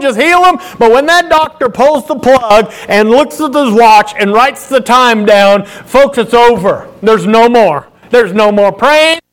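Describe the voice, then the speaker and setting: A male pastor preaching a sermon with animated, emphatic storytelling. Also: very high voice.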